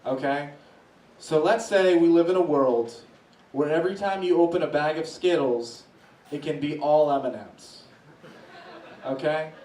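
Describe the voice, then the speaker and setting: Man comic, higher voice, storytelling bits, heard from a distance in a roomy venue. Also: unhurried. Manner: animated, voices swing high when acting out reactions. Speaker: stand-up comedian. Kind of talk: stand-up storytelling. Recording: echoey room from a distance.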